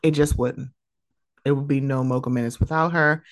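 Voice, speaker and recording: A woman hosting her own podcast in a casual, animated, emotional way, laughing often. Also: a bass voice, moderate pace, no room sound, clean studio sound. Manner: animated, laughing, emotional, mimics friends' voices. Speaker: podcast host. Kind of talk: casual solo podcast talk.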